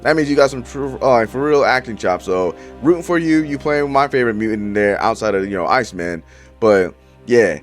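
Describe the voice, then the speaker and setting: A man's voice: mid-range voice, expressive, fairly quick, soft background music. A young man giving casual, profane commentary straight to his viewers, full of slang. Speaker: YouTuber reviewing movie casting.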